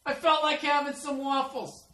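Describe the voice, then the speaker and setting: Man doing a shrill, whiny girlfriend voice, slow and nagging. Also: flat delivery, pushed and bright. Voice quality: high mocking whine.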